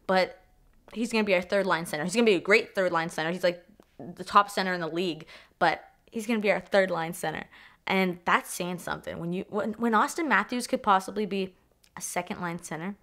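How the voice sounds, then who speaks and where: A young woman from Canada chatting excitedly as a sports vlogger, swearing freely, repeating herself and trailing off mid-thought. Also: on the low side, a little fast. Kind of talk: excited casual vlog chat.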